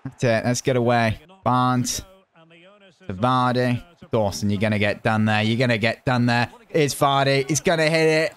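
Man from the UK, gameplay commentator, excitable, shouts at near misses, mid-pitched voice. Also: a little slow, clean tone. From United Kingdom. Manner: chatty, muttering while planning. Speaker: gaming YouTuber.

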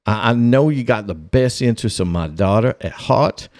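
A man's voice: mid-range voice, animated, moderate pace, darkish tone, natural voice. A man voicing a protective older southern father who talks in urgent, folksy fragments with a Southern US accent. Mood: relieved. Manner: urgent, folksy, dropping words.

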